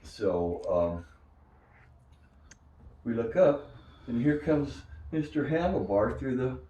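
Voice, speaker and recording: An older man recalling his days as a minor league pitcher, telling stories and acting out the voices of others. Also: takes it slowly. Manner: animated storyteller who acts out quoted voices. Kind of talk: storytelling interview. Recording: echoey room, distant mic.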